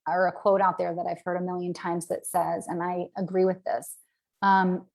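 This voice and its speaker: A woman's voice: lowish voice, flat delivery, moderate pace, vocal fry, a little mellow. Woman, from the southern US, business coach, casual live-stream talk, candid, chatty, frequent filler words. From American South. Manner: chatty and candid, peppered with "right?" and "um".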